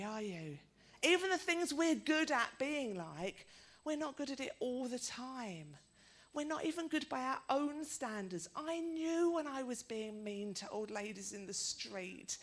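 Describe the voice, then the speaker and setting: A woman's voice: a little high, fairly bright tone. A middle-aged woman preaching a sermon, telling stories in a chatty way and putting questions to her listeners.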